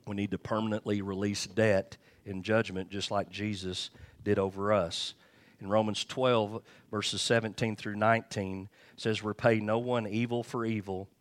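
A pastor preaching a sermon, candid and joking, with chuckled asides to the congregation. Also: male voice, on the low side.

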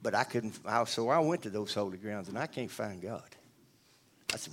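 A man's voice: lowish voice, expressive, moderate pace, a bit bright, a little hiss or hum. Man, church testimony, earnest, conversational, lots of restarts and asides to the room. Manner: rambling, earnest, with many restarts and asides to the audience. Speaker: church member giving testimony. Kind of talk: spoken testimony.

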